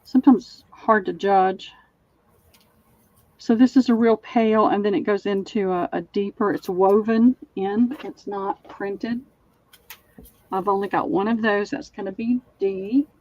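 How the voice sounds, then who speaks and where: A woman's voice: mid-range voice, steady tone, a little slow, a little mellow, no room sound, dull audio. Chatty Southern woman selling linens. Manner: chatty, describes items in detail. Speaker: online sale host. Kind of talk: live-stream selling chat.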